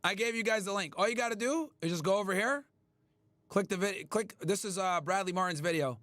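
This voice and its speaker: A man hosting a livestream, ranting at his chat in a loud, profane, emphatic way. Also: high voice, brisk. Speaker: livestream host. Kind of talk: casual livestream rant.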